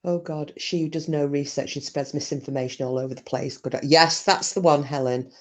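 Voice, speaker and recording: Woman, deep low voice, chatty and sweary, live-stream chat. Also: steady tone, fairly quick. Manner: chatty, sweary, laughs easily. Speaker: livestream host. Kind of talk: casual chat reading live comments.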